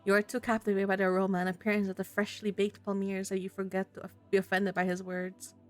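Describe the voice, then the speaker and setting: A woman streamer reading a visual novel aloud with expressive, dramatic narration. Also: medium pitch, fast talker, soft background music. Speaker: let's play streamer.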